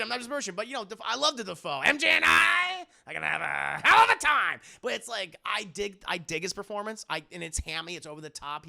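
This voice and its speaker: A man talks through a film review on a live stream in a gravelly voice, pitched a little above the usual male range. His tone is bright and edgy. He rambles, circles back on his own points, and swears freely while answering his chat. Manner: rambling, repeats himself, swears, chats with viewers.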